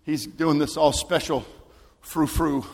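A man with a high voice preaches a sermon to a camp meeting crowd. He starts with a relaxed story and climbs into shouted, fervent preaching. A long reverb from a large church hall trails behind his words. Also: slow pace, gravelly. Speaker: pastor.

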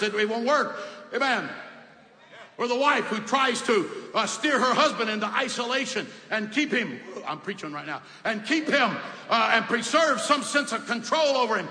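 A man preaching an emphatic sermon, shouting at times and dropping to soft asides. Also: very high voice. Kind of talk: fiery sermon. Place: large hall with congregation. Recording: echoey hall, faint ambience.

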